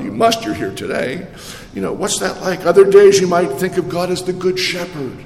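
A man's voice: fairly high pitch, creaky, darkish tone. A male pastor giving a sermon in a conversational way, with rhetorical questions and many restarts. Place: church. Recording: echoey church hall with long reverb.

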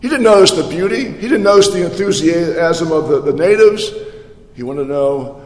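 Animated preacher in an echoey hall. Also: male voice, on the high side, normal speed, slight background noise. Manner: animated, rhetorical questions and repetitions. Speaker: pastor. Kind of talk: sermon. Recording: echoey hall with long reverb.

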